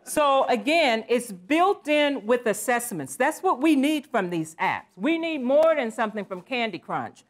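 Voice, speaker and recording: Older female presenter, animated and playful, fairly high voice, live conference talk. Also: a little slow, hardly any pauses. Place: conference session room.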